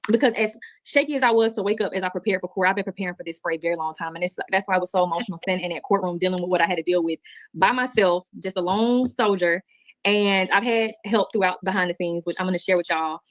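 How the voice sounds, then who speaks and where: Woman, emotional livestream monologue, rapid delivery, dull dry replayed audio. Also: on the low side, dry recording. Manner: chatty, heartfelt, rambling.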